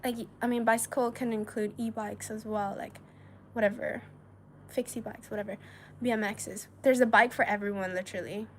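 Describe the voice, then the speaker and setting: A woman's voice: medium pitch, steady tone, normal speed, a little hiss or hum. A woman from China hosting a casual livestream, reading viewer messages aloud in a chatty, giggly way with lots of filler words. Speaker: livestream host.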